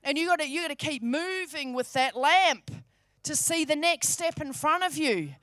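Woman preaching, high voice, dry close sound, fervent and emphatic. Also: lively intonation, normal speed, fairly bright tone, dry recording. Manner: fervent, emphatic, repeats phrases. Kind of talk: sermon.

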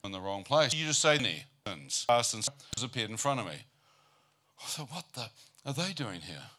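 A man preaching a storytelling sermon, his voice bright and forceful. He keeps throwing rhetorical questions at the congregation and slips dry jokes into his testimony. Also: mid-range voice, very animated, moderate pace. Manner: humorous, asks the crowd rhetorical "how many know" questions.

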